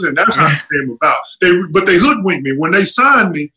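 A middle-aged man telling stories in a casual chat, animated and acting out what others said. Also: a little fast, background noise. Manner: animated, acts out quotes with jumps in pitch. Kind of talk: casual storytelling.

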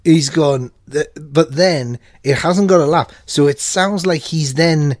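Podcast co-host, male; playful, acts out lines, slightly high pitch. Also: measured pace, no echo, studio quality. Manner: jokey, acts out bits of dialogue. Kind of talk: casual chat.

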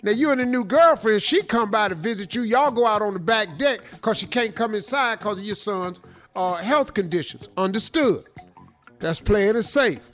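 A man hosting a show, giving comedic advice commentary in an animated, teasing, streetwise style. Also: high voice, moderate pace, soft background music. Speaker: radio show host.

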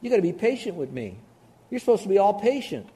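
Brief: preacher as brash cheating husband, dismissive, mellow tone. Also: male voice, sits high, very animated, fast, pitched above the performer's own voice. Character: cocky cheating husband making excuses.

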